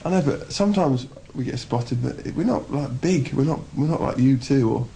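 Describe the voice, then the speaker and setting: A man's voice: mid-range voice, expressive, moderate pace, creaky, mellow, a little hiss or hum. Playful, joking young man. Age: 20s. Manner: joking, playful, self-mocking. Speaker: band member. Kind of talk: casual interview chat.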